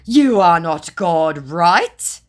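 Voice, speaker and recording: A woman's voice: on the low side, very animated, extremely slow, pitched above the performer's own voice, heavily acted. A woman mimicking a crude taunting scammer guy. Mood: mocking.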